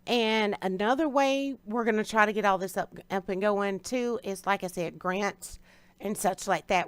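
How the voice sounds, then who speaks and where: A woman's voice: mid-range voice, moderate pace. A woman hosting a live stream in a casual, chatty way, greeting viewers by name and answering them directly. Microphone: streaming setup.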